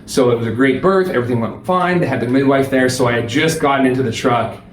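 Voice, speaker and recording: Young man, casual animated storyteller, mid-range voice, roomy echo. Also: medium pitch, quick pace, slight background noise. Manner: animated, laughing, swears freely. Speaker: paramedic guest.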